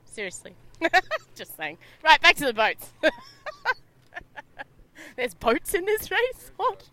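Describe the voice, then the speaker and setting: A woman's voice: high-pitched, huge pitch swings, takes it slowly, sharp tone. A young Australian woman doing chatty, laughing live sailing-race commentary from a boat at sea. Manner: bubbly, laughs often, chatty.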